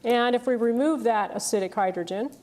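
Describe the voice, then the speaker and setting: A woman with a fairly high voice delivers a university lecture. She explains patiently, pausing on fillers and checking that students follow along. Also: a little mellow. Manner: explanatory, checks in with "okay?" and "right?". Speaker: chemistry lecturer.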